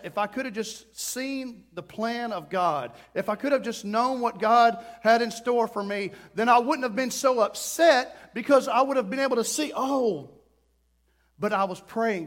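A middle-aged man preaching a sermon, telling a story with lively, acted-out quotes and sudden outbursts. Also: high voice. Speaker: pastor.

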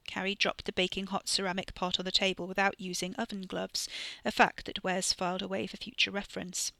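A woman narrating a novel in a measured, even way. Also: mid-range voice, gravelly, no echo. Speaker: audiobook narrator. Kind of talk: scripted narration.

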